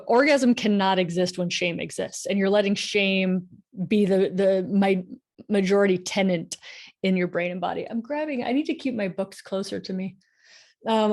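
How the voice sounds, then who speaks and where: A middle-aged woman physician hosting a casual live-stream Q&A, talking with frequent "like"s and animated bursts of emphasis, through a headset mic at home. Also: medium pitch. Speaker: physician podcast host answering listener questions. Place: home room with bookshelf. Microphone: headphones with mic on a live stream.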